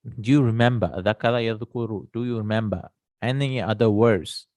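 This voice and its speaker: A man teaching an Arabic grammar lesson, explaining slowly, repeating terms and checking with "right?". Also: lowish voice, fairly even intonation, a little mellow, no echo.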